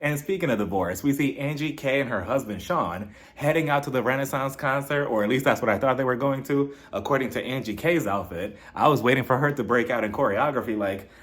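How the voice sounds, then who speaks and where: A man's voice: medium pitch, brisk, few pauses, a bit bright, slight background noise. Sassy chatty man recapping a show. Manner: chatty, sassy, laughs often. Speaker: reality TV recap vlogger. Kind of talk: casual comedic recap.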